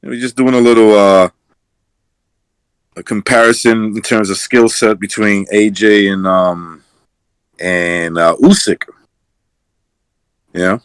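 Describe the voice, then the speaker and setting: A man with a lowish voice chats on a podcast. He drops short agreements and makes his points haltingly. The sound is dry. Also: steady tone, smooth, dry recording. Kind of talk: casual boxing podcast chat.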